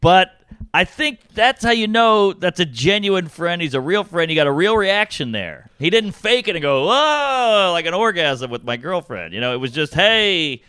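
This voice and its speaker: A man co-hosting a podcast in casual chat, making quick wisecracks. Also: sits high, expressive, pushed and bright, smooth, no room sound. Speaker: podcast co-host.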